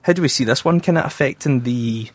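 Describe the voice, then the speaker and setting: A man's voice: medium pitch, quick pace, slightly rough, dry recording. A man with a Scottish accent hosting a casual football podcast, often stumbling over his words and laughing at himself. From Scotland. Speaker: podcast host. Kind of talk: casual chat.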